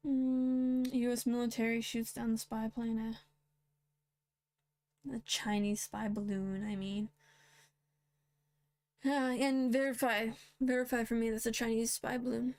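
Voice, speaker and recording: A woman with a somewhat high voice reads news headlines aloud as host. She breaks in with blunt, sarcastic remarks in a casual, unscripted way. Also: level tone, measured pace, long pauses, darkish tone. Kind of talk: reading and commenting on news headlines.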